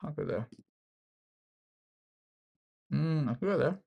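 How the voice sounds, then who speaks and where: A gravelly, fairly high-pitched male voice with lively intonation and trimmed highs, speaking slowly. An Australian chess streamer muses aloud mid-game, cracking jokes and teasing himself in casual online chess commentary.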